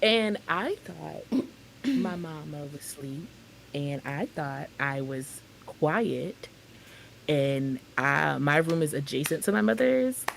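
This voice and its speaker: A woman's voice: low voice, animated, takes it slowly, vocal fry, a little hiss or hum. A young adult woman co-hosting a podcast, telling a story in casual, slangy chat and acting out the voices she quotes. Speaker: podcast co-host.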